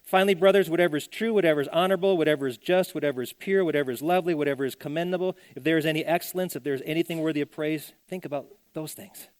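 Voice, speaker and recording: A middle-aged male senior pastor preaches at church, rapid-fire with hardly any pauses, his voice on the high side in a dry recording. His sermon feels conversational, with repeated phrases and acted-out voices for those he quotes.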